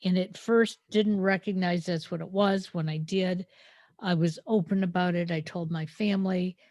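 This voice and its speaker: A woman's voice: fairly low pitch, steady tone, moderate pace, a little mellow, no room sound. A woman co-hosting a podcast, reflective and storytelling with frequent hesitant fillers. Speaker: podcast co-host. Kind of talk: conversational podcast talk.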